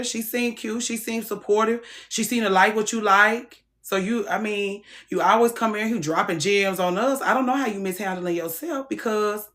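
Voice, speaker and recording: Frank, animated woman chatting on stream. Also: fairly high pitch. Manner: frank, animated, swings from soft to loud. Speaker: livestream host. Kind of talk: casual livestream chat.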